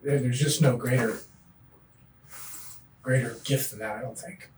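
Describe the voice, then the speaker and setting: A middle-aged man, a podcast guest, telling his recovery story in an earnest, animated way. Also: mid-range voice, measured pace, far from the mic, slight background noise. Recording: echoey room, voice off-mic.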